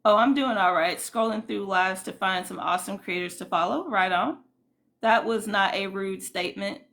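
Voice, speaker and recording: Woman streamer with a gravelly fry. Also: mid-range voice, moderate pace, a bit bright. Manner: indignant, rambling commentary with many fillers. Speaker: livestream host. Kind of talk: casual livestream chat with viewers.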